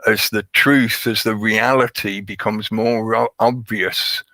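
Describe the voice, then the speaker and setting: A man's voice: on the low side, fairly even intonation, slow pace, pushed and bright, no room sound. A man hosting a livestream, rambling through a conspiratorial monologue and greeting his chat. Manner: rambling, conspiratorial, chuckles at his own jokes. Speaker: livestream host.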